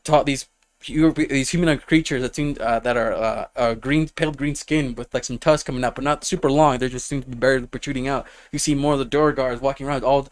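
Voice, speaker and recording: A man's voice: medium pitch, steady tone, fairly quick. A man narrating a tabletop fantasy game as game master, rambling with lots of fillers. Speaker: dungeon master.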